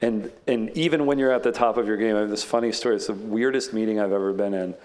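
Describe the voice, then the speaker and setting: A man's voice: fairly low pitch, fairly even intonation, fast talker, a little mellow. Chatty man telling a story. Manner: chatty, many "like" fillers, acts out others' lines. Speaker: panelist. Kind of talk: casual storytelling on a panel.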